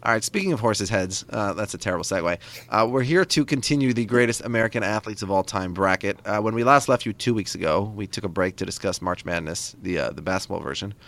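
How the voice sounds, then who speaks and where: A man's voice: fairly low pitch, a bit bright. A man hosting a casual podcast, joking and going off on tangents. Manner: quick, joking, digressive. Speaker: podcast host.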